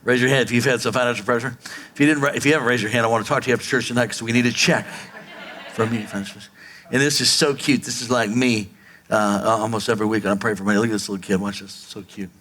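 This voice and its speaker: A man's voice: mid-range voice, steady tone, fast, a bit bright. A man preaching a sermon as pastor, acting out quoted voices and calling on the congregation to respond. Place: church sanctuary before a congregation.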